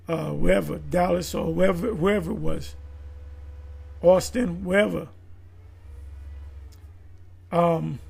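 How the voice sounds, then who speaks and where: A man with a high-set, gravelly and husky voice talks through a loose commentary monologue. He wanders, restarts sentences and leans on fillers as he goes. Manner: rambling, with frequent restarts and fillers. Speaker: video commentator.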